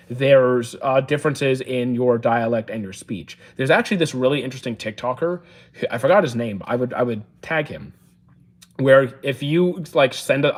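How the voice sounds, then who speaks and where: A young man, live-streaming and casually answering chat questions, chatty and relaxed with lots of fillers and restarts. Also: medium pitch. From Canada.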